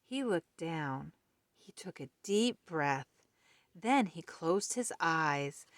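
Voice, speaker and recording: A woman reading a children's picture book aloud in a gentle, friendly way. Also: low-pitched, lively intonation, slow, dry recording. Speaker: storybook reader.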